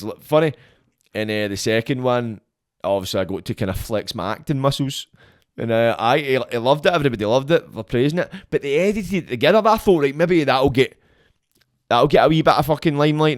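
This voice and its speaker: A young Scottish man, a podcast guest, telling a story in a blunt, sweary, animated way. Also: medium pitch, dry recording, studio quality. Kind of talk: casual storytelling.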